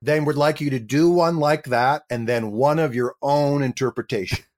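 A middle-aged man speaks as an actor guest on an interview show. His voice sits at a medium pitch, and he tells his story with energy, acting out every line of dialogue himself. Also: moderate pace. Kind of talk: interview anecdote.

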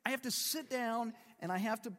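A man's voice: very high-pitched, brisk, a bit bright, big-room sound. A man in his fifties preaching a sermon in a conversational way, with rhetorical questions and humor. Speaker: pastor.

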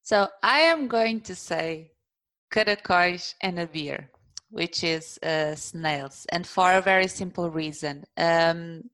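A woman chatting as a guest in a slow, thoughtful way, filling her pauses with ums. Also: fairly low pitch, fairly bright tone, no room sound. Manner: slow, thoughtful, with many fillers. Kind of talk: casual chat.

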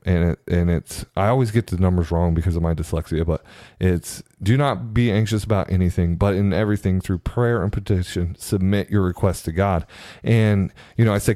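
A man earnestly telling a personal story in a halting way, often repeating his words. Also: low voice, mellow, dry recording, clean studio sound. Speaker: storyteller sharing his experience.

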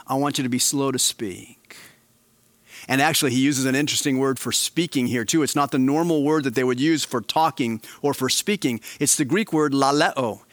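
A male pastor preaching a sermon, swinging between quiet, slow emphasis and animated, raised passages. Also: medium pitch, dry recording.

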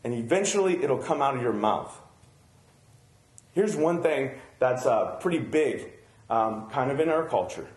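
A man's voice: mid-range voice, animated, unhurried, a little mellow, roomy sound. A man preaching a sermon as a pastor, talking in a loose, conversational way with frequent asides to the listeners.

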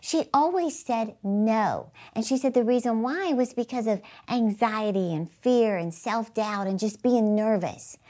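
A woman's voice: on the high side, a little slow, hardly any pauses, warm tone. Upbeat woman giving a faith-based pep talk. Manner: upbeat and emphatic, with rhetorical questions to the viewer. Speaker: inspirational speaker and channel host.

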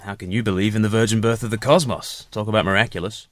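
Male co-host, low-pitched, dry booth sound, snappy one-liners. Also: steady tone, fairly bright tone, no echo. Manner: quick witty one-line retorts. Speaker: podcast co-host. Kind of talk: casual podcast chat.

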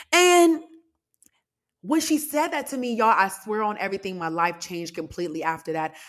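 A young adult woman hosting a podcast, telling a personal story in a casual, animated way with asides to her listeners. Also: mid-range voice, moderate pace. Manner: lively, animated retelling with laughs and asides to listeners. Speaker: podcast host.

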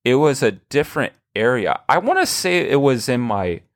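A man hosts a casual podcast chat at a moderate pace in a medium-pitched voice. He tells long, rambling stories with animation, restarting often and laughing along the way.

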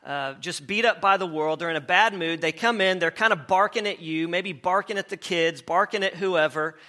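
A man's voice: high voice, normal speed, pushed and bright. A man preaching a sermon in a conversational way, repeating words as he goes and asking the congregation questions. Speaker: pastor.

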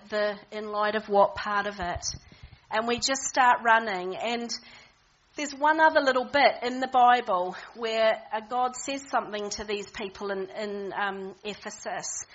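A woman delivers an informal sermon in an easy, talky manner. Her voice sits slightly high, and she often trips over and repeats her words. The recording sounds muffled and lo-fi. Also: a bit bright. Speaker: preacher.

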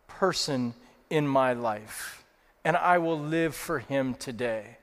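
A man preaches to his congregation, retelling stories with repeated phrases and a few fillers. His voice sits a little high. Long reverb from a large church hall surrounds him. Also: animated, slow pace. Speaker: lead pastor. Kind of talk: sermon.

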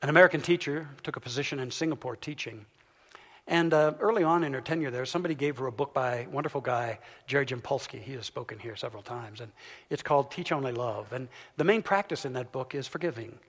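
A man giving a sermon, telling a story as he swings from loud, emphatic peaks down to soft, hushed lines. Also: mid-range voice, quick pace. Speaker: pastor. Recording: long hall reverb.

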